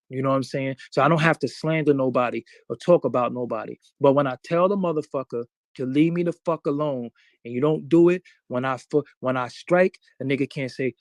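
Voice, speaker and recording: A man's voice: mid-range voice, no room sound, studio quality. A man being interviewed, talking in a boastful, profane and emphatic way. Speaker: interview guest.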